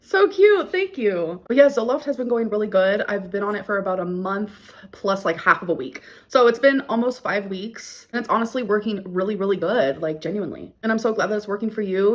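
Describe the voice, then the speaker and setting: A woman's voice: medium pitch, muffled recording. A woman vlogger chatting casually and breezily to her viewers. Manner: breezy, rapid talk to viewers. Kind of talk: casual vlog chat.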